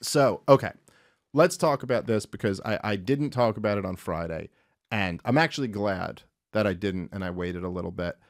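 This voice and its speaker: A man hosting a talk show, casually retelling a story and commenting, swearing often and slipping into quick voices for the characters. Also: on the low side, no room sound, clean studio sound. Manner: profane, animated, acts out characters in quick voices. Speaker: podcast host. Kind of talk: irreverent comedic retelling and commentary.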